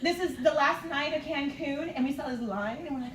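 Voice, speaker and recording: Bubbly high-voiced woman in an echoey room. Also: fairly quick, a bit bright. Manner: bubbly, enthusiastic, laughs often. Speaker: fitness coach speaking at a team meeting. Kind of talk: casual motivational talk to a live group. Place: meeting room with an audience. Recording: echoey room, distant mic, noisy.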